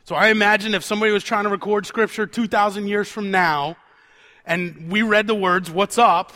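A man preaching a conversational sermon who repeats words for emphasis and sinks to a quiet, intense tone on solemn points. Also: high voice, fairly even intonation, fairly quick.

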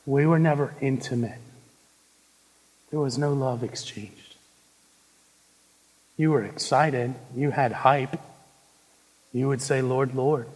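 A young man preaching a sermon, moving between hushed intensity and loud, emphatic delivery. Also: medium pitch, takes it slowly, long pauses, husky. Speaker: pastor. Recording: long reverb of a large hall.

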